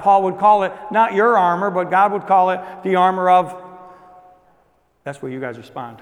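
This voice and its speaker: Man, high voice, pastor preaching a sermon, loud emphasis and hushed asides, echoing hall.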